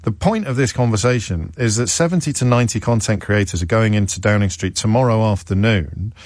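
A man's voice: lowish voice, a little fast, darkish tone, no room sound, clean studio sound. A man hosting a talk radio show, musing aloud in a wry, self-questioning way. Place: radio studio. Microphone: studio microphone.

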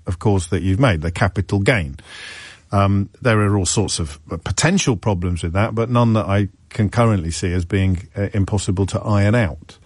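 A man's voice: low voice, a little mellow, breathy edge, no room sound. A man hosting a radio phone-in, wry and self-deprecating, thinking aloud with fillers.

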